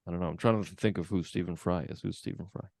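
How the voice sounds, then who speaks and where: A man's voice: low voice, fairly even intonation, fast talker, a little mellow, no echo. Laid-back man, dry close sound. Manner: laid-back, swears a lot, laughs often. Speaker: teacher, podcast co-host. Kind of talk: casual chat.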